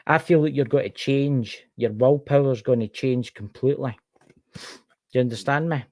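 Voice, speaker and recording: A man's voice: mid-range voice, moderate pace, a little mellow, no room sound. A man with a Scottish accent giving a casual tarot card reading on a livestream, chatting to a viewer by name as he turns each card.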